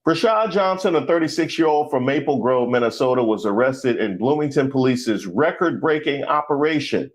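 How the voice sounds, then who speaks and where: A man hosting a comedic news commentary show, casual and slangy, riffing and joking. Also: medium pitch. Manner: animated, joking, breaks into song and laughter.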